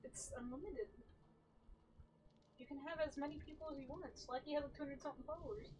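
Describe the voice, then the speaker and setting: A woman's voice: sits high, fast, mellow, a little hiss or hum, low-quality recording. A woman co-hosting a casual gaming stream, blunt and teasing and swearing freely. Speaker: streamer and co-host.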